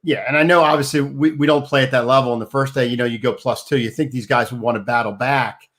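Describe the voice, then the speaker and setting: A man hosting a casual sports talk show, chatty and energetic, plugging sponsors between topics. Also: mid-range voice, fast talker.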